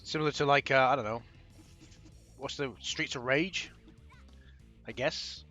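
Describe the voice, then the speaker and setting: A man's voice: mid-range voice, fairly even intonation, moderate pace, sharp tone, muffled recording, soft background music. A young man hosting his own gaming channel, chatting casually over a first playthrough, rambling and trailing off as he plays. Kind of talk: casual game commentary.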